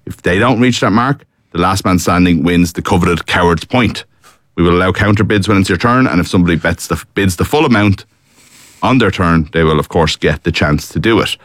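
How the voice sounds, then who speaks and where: Deep-voiced Irish quizmaster, dry studio sound. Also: male voice, brisk, no echo. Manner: wry, teasing, reads scripted intros. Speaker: quizmaster host. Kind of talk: radio quiz hosting.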